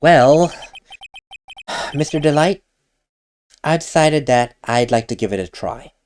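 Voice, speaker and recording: A man reading the lines of an earnest young male defense lawyer in a video game, measured and a little hesitant. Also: on the high side, expressive, darkish tone, a little hiss or hum.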